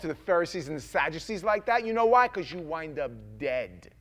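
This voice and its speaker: A man preaching a sermon in a casual, folksy way, shifting from quiet asides to loud, emphatic scripture readings. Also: on the high side, lively intonation, quick pace, few pauses. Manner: conversational, folksy preaching with slang.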